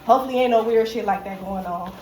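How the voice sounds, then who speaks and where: A woman's voice: medium pitch, quick pace, darkish tone. A woman giving a casual tarot reading, slangy and profane, who keeps checking in with "okay?" and laughs often. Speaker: tarot reader. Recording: echoey room with faint background noise.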